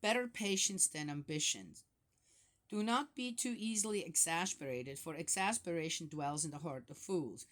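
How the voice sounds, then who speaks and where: An older grandmother talks through scripture in a loose, conversational way, often checking in with rhetorical asides. Her voice sits fairly low but swings widely in pitch, giving her talk a lively, animated lilt. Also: normal speed. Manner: chatty, with frequent rhetorical "Yes?" and "Right?" asides; laughs often while talking. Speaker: Bible study host. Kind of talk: casual Bible commentary.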